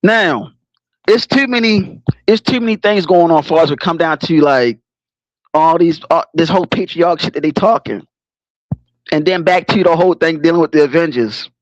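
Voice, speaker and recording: Heard through a muffled recording without room sound, this man hosts a relaxed livestream at a normal pace in a slightly high voice. He's animated and rambling, full of slang and swearing, often breaking off to laugh before pulling himself together.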